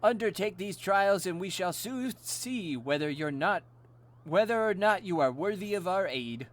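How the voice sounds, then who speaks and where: A man's voice: high voice, animated, a little slow, pitched above the performer's own voice. A man voicing a pompous, theatrical male moogle leader.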